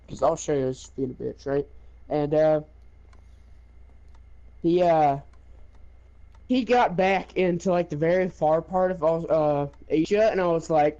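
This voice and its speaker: A young man telling a game story in casual chat, animated, laughing and swearing. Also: on the high side, moderate pace, dull audio.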